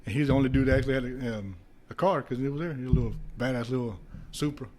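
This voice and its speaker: A man's voice: mid-range voice, racing. A man, a former boxer, telling stories casually with lots of swearing and laughter. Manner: animated anecdotes with profanity and laughter. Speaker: podcast guest, former heavyweight boxer. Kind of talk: casual storytelling.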